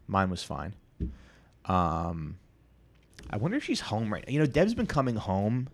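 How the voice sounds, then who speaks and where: Male podcast host, 30s, lowish voice; crude, self-deprecating solo monologue full of stops and restarts. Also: huge pitch swings, measured pace.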